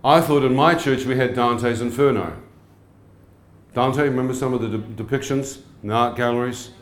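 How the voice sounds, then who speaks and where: A man delivers an animated sermon, speaking at a medium pitch. He keeps throwing questions out to his listeners. His voice rings in an echoey hall. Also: moderate pace. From New Zealand. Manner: animated, asks the crowd questions. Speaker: evangelist. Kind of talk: sermon testimony.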